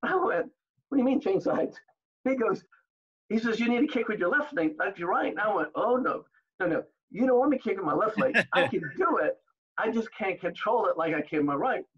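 An older man telling stories as an interview guest, animated, acting out the exchanges he recalls. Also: high voice, fairly quick, slightly rough, highs cut off. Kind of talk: storytelling in an interview.

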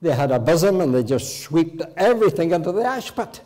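A man's voice: a little high, very animated, a little fast, warm tone. Elderly Northern Irish preacher in his eighties. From Northern Ireland. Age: 80s. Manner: homely anecdotes with occasional restarts. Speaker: guest preacher. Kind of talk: folksy storytelling sermon. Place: church.

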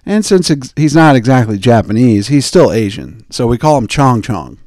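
A man hosting a podcast, telling jokey, digressive stories and slipping into quick impressions of the people he quotes. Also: medium pitch, sing-song, a little mellow, dry recording, studio quality. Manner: digressive, joking, mimics people in quoted asides. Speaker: podcast host. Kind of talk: rambling comedic podcast chat.

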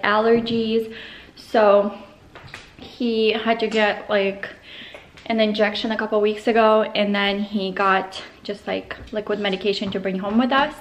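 A woman's voice: medium pitch, slight background noise. A young woman vlogging as a stay-at-home mom, chatting casually to the camera and coaxing her toddler in a sing-song voice. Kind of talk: casual vlog narration and talking to her toddler.

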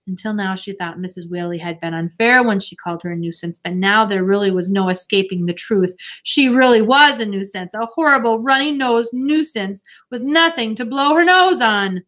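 A woman reading a children's novel aloud, with gentle, expressive storytelling. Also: medium pitch, normal speed. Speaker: audiobook narrator.

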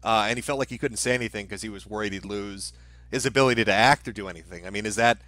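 A male host chats through an interview, nudging his guest along with easygoing questions. He talks quickly in a bright, forceful voice. The sound is dry and close. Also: on the low side, no echo. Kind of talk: casual interview.

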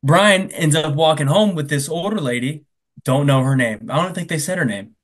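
A man casually retelling a film plot on a comedy podcast, acting out the characters' lines with quick asides. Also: fairly high pitch. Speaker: podcast co-host. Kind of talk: casual comedic movie recap.

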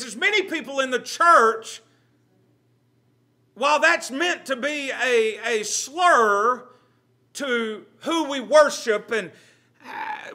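A man leads a church Bible study as pastor. His voice sits high and sounds bright. He teaches earnestly, sinking to a near hush and then rising to press a point. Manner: earnest preaching, swings from loud to hushed.

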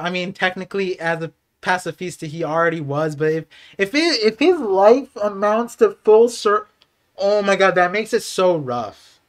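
A young adult man streaming a live reaction, excitable and laughing, then turning quiet and reflective. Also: sits high. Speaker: streamer reacting to a manga chapter.

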